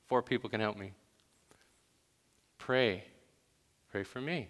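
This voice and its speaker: A man's voice: fairly low pitch, slow, long pauses, a bit bright, in a large hall. A man preaching a sermon in a conversational way, with sudden emphatic bursts. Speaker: pastor.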